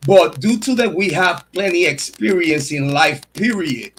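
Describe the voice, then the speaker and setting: Swaggering high-voiced man streaming. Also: lively intonation, measured pace, a bit bright, slight background noise, poor audio. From Puerto Rico. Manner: boastful, swaggering street slang. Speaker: true crime and sports commentary host. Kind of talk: casual livestream monologue.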